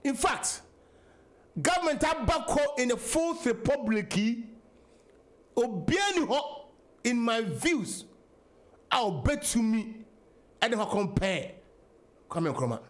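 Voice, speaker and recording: High-voiced Ghanaian radio host. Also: male voice, sing-song, slow, pauses often. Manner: emphatic, mixing English and Twi. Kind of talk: political talk radio monologue.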